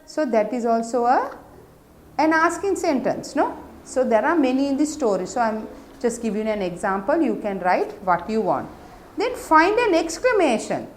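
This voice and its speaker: A woman's voice: on the high side, very animated, normal speed, a little hiss or hum. A woman teaching an English lesson to young children, explaining patiently and checking understanding with tag questions. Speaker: primary school teacher.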